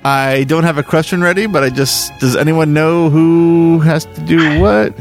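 A man's voice: fairly high pitch, fairly even intonation, unhurried, faint music behind. Chatty man hosting a podcast. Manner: chatty, rambling, self-deprecating. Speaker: podcast host. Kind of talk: casual chat, reading listener mail.

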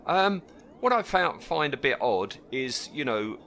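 Man, podcast co-host, animated casual chat, bright tone. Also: medium pitch, measured pace, gravelly, slight background noise. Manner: lively, recaps scenes with asides. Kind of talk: casual chat about a TV episode.

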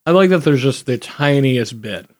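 A man's voice: mid-range voice, expressive, normal speed, no echo. Podcast panelist, man, rambling and chuckly, dry booth sound. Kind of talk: casual podcast chat.

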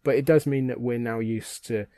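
A chatty, enthusiastic British man talking casually on a podcast. His voice sits at an ordinary middle pitch. The sound is dry and close, with no room around it. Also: steady tone, moderate pace, warm tone, no echo. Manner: chatty, enthusiastic, trails off and restarts often. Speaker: podcast co-host. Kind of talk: casual chat.

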